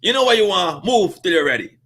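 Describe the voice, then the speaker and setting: Man doing a pushy counter lady, high and loud, snapping short orders. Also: big pitch swings, slightly rough, heavily acted. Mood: brusque. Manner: curt, loud, hurried. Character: brusque impatient woman behind a restaurant counter.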